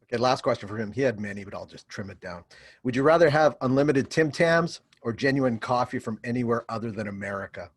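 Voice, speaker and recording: A man's voice: medium pitch, expressive, fast talker, no echo. A man hosting a webinar interview over a video call, asking listener questions in an easygoing way. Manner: easygoing, brief back-channel replies. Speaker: host. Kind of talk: casual interview.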